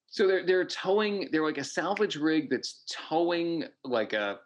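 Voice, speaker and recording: A man's voice: on the high side, sing-song, unhurried. A man co-hosting a podcast, chatting casually about a film, rambling with lots of fillers and restarts. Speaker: podcast co-host. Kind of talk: casual movie review chat.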